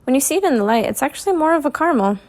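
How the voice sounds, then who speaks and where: A woman's voice: sits high, animated, very fast, a little mellow, voice pushed up. A woman voicing a poised, observant twelve-year-old girl who speaks in a thoughtful, matter-of-fact way. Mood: curious.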